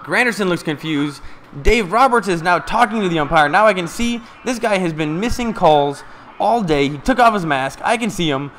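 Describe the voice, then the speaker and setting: A man giving casual, excited live play-by-play of a ball game from a stream, chatting to his viewers. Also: high-pitched, normal speed, a little hiss or hum.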